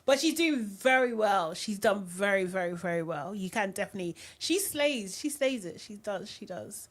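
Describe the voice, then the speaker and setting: A woman's voice: mid-range voice, lively intonation, moderate pace. A young woman hosting a casual live recap, chatty and giggly, reading viewer comments aloud. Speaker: live-stream host.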